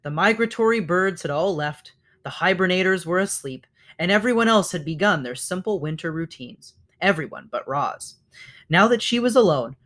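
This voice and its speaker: A man's voice: sits high, a bit bright. A man reading a children's novel aloud as narrator, wry in his framing and correcting his own small slips. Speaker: audiobook reader. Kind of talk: storybook read-aloud narration.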